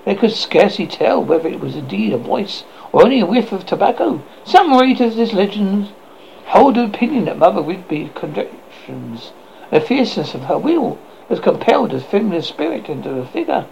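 A man hosting a horror show, reading a story aloud in an expressive way, with frequent stumbles and restarts. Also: sits high, normal speed, creaky, a little hiss or hum. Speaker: horror host. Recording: muffled lo-fi recording.

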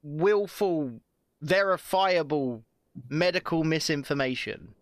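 A man's voice: fairly high pitch, slow, dry recording, clean studio sound. A man on a video call, chatting casually and ranting with heavy swearing. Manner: profane, ranting, grows heated and emphatic. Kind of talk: casual online chat.

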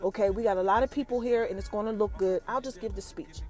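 A woman's voice: quick pace, darkish tone, soft background music, natural voice. A woman voicing a controlling man who insists on taking over. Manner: firm, lowered voice.

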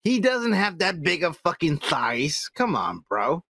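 A man with a somewhat high voice argues his point on a podcast, his pitch swinging widely as he rants. He swears constantly and keeps pressing his case, recorded close in a dry, deadened room. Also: sing-song, a little slow, vocal fry, bright, forceful tone, breathy edge, no echo. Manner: emphatic, heavy swearing, repeats "come on, man". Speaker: podcast co-host. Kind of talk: casual chat.

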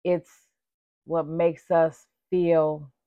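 A woman in her forties talks to her viewers in a lively, chatty way, calling them "baby" and "y'all." Her voice sits a little low and is going slightly hoarse. The recording is dull, lo-fi and dry. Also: extremely slow, dry recording. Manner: animated, chatty, calls listeners "baby" and "y'all". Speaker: vlogger. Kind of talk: casual chat to viewers.

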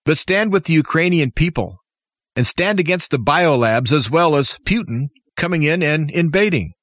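A man's voice: fairly high pitch, expressive, moderate pace, fairly bright tone, no echo, studio quality. Impassioned man ranting politics. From United States. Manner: impassioned, opinionated, full of rhetorical questions. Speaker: talk show host. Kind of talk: political commentary monologue.

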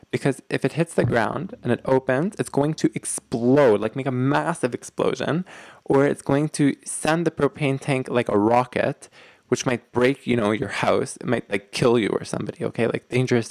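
Man, relationship advice host, earnest, emphatic, rambling with fillers, mid pitch, dry close sound. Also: no room sound. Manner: earnest, emphatic, keeps checking in with "okay?". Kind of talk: direct-to-audience advice talk.

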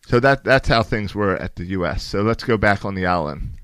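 A man in casual podcast chat, relaxed, telling a family story and adding brief agreeing replies. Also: on the low side, fairly quick, smooth, no echo.

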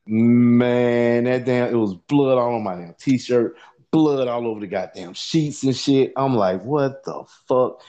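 A man tells a story in casual, profane, rambling talk and keeps circling back to "you know what I'm saying." His voice sits at an everyday middle pitch. The recording sounds a bit dull and lo-fi. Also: a little slow, mellow.

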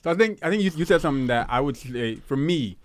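A man's voice: a little high, animated, fast, dry recording. A man with a lisp hosting a casual group chat, laughing easily and repeating words as he searches for phrasing.

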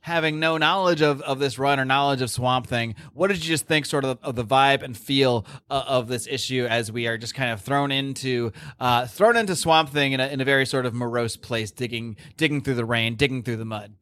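A man's voice: mid-range voice, fairly quick, few pauses, a bit bright, clear, resonant tone, no echo. A man hosting a podcast, recapping a comic book issue in casual chat with many fillers and restarts. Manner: recaps plot animatedly, lots of fillers and restarts. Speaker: podcast host.

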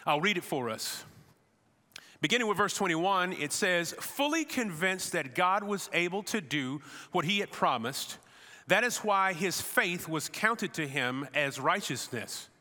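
A man preaching a sermon as a pastor, telling a vivid, animated story to make his point. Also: sits high, a little slow, in a large hall.

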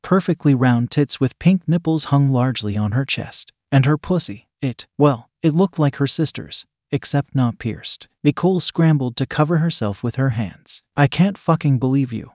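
A man's voice: mid-range voice, lively intonation, normal speed, few pauses, darkish tone, no room sound, studio quality. A man reading a first-person story aloud in a plain, conversational way. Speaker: narrator.

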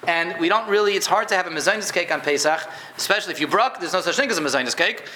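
A man's voice: sits high, animated, very fast, bright, forceful tone, slight background noise. A man teaching a casual Jewish law class to a room of listeners, conversational, repeating words and quizzing them. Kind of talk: informal halacha class. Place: room with a live audience.

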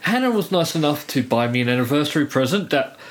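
A man's voice: fairly high pitch, quick pace. Tired, dry-humored Australian man. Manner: relaxed, dry self-deprecating humor. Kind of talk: casual chat.

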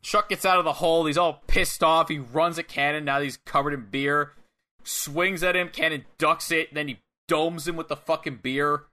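A man's voice: on the high side, fairly even intonation, moderate pace, bright, forceful tone. A man in a casual podcast chat, recapping a match play by play in a loose, swearing, storytelling way.

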